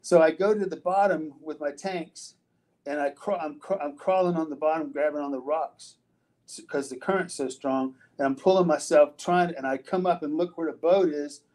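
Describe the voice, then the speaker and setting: Older man, interview guest, rambling storyteller, casual profanity, slightly high voice. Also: normal speed, a little mellow, poor audio. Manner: rambling, profane, frequent restarts and fillers. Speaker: interview guest, retired wrestler.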